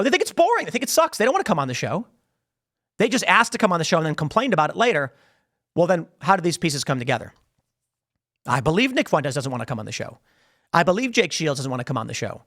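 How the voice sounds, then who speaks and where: Going after his critics, a podcast host delivers an emphatic, mocking rant into a studio mic. His high, slightly bright voice leaps up and down in big pitch swings. He talks at a quick pace and repeats phrases for emphasis.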